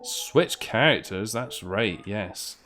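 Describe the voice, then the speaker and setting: A man's voice: on the low side, lively intonation, takes it slowly, pushed and bright, faint music behind. A British man swearing freely and bantering sarcastically with his chat while he plays a game on stream. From Britain. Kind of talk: casual gameplay commentary.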